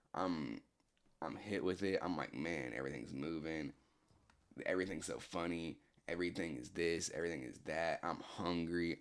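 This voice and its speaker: A man's voice: extremely low pitch, creaky. A man casually telling a story to a friend in a console party chat, laid-back and rambling, full of slang and restarts, speaking into a game headset.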